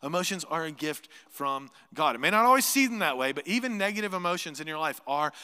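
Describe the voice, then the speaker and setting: A male pastor preaches in an animated style, with a high, very bright and forceful voice. He slips into imagined voices and leans in with hushed asides. The sound carries the long reverb of a church hall. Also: fairly quick, clear, resonant tone. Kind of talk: sermon. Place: church sanctuary.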